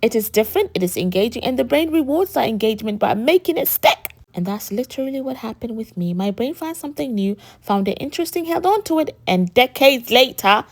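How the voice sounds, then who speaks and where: A woman in her thirties, an American accent with a British lilt, explaining to camera with lively emphasis and frequent rhetorical asides. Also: a little high, a little fast, few pauses. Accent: American mixed with a British lilt. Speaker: vlogger.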